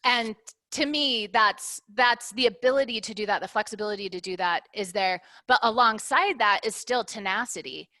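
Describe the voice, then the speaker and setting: A woman's voice: a little high, moderate pace, pushed and bright, dry recording. A middle-aged woman business owner, talking candidly in an interview and working through her points with analogies, often ending them with "right?". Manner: reflective, uses analogies, ends points with "right?".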